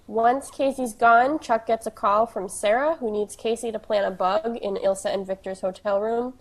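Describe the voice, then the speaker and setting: A woman's voice: a little high, steady tone, moderate pace. A woman co-hosting a podcast, recapping an episode in casual chat, teasing and laughing often. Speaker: podcast co-host.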